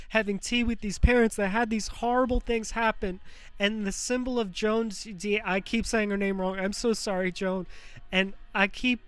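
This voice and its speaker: A man's voice: high voice, smooth, no room sound. A young man hosting a podcast, rambling through an emotional personal monologue with lots of fillers, swearing and nervous laughs, close to tears. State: near tears. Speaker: podcast host. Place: apartment.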